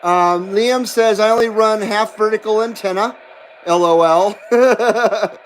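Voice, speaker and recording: A man's voice: high-pitched, slow pace, slight background noise, low-quality recording. A man hosting a CB radio livestream, reading chat messages aloud in a rambling, self-deprecating way and laughing often. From western United States.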